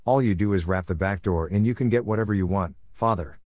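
Storybook: man voicing sly drunken bully husband, wheedling, lowish, dry. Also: fast talker, darkish tone, no echo, natural voice.

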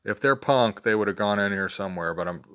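A man's voice: fast talker, a bit bright. A man in his fifties talking casually and rambling through his favorite picks, with plenty of fillers and restarts. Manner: rambling, low-key, many fillers and restarts. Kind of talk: casual spoken list of favorites.

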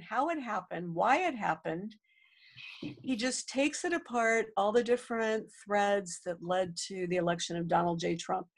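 A woman co-hosting a podcast with a nasal voice, fighting a cold. She talks in a chatty, self-deprecating way at a middle pitch. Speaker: podcast co-host. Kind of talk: casual chat.

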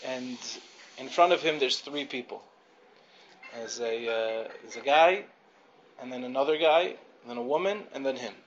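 A man's voice: mid-range voice, moderate pace. A man teaching a class of girls, telling a story in a conversational way, with frequent fillers and restarts. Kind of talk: storytelling lecture. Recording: dull lo-fi recording with faint background noise.

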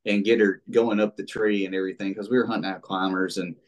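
A man's voice: sits low, fast. A man telling a hunting story in a casual interview, rambling with lots of fillers and acting out what people said. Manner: rambling and animated, many fillers, acts out quoted speech. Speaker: interview guest, bow hunter.

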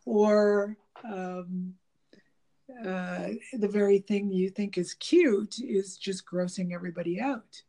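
A woman with a gravelly, low-key mellow voice talks in a loose, rambling way, full of fillers and restarts. She laughs often and acts out little snippets of dialogue as she goes. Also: takes it slowly. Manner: animated, laughing, mimics dialogue. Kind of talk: casual conversation about relationships.

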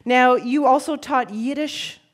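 A woman's voice: high voice, fairly even intonation, noisy background. A woman hosting a live quiz show on stage, upbeat and joking as she introduces contestants and reads the games. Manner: upbeat, joking, quick to banter. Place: stage before a live audience.

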